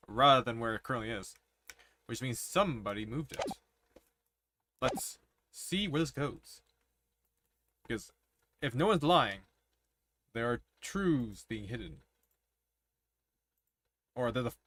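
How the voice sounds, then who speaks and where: A man's voice: mid-range voice, bright, forceful tone, no room sound. A man streaming, chatting and musing aloud as he plays through a courtroom game. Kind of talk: casual game commentary. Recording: game music behind.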